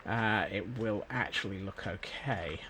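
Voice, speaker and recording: A man's voice: on the low side, unhurried, background noise. A Scottish man streaming a game, rambling casually and cracking self-mocking jokes. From Scotland. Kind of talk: casual gameplay commentary. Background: faint background music.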